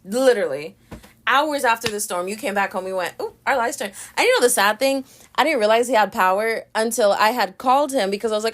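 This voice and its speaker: A young woman hosting a podcast, telling stories in a lively, casual way, laughing and swearing as she goes. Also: on the high side, a little fast. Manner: animated storytelling, swearing, laughing often. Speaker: podcast host.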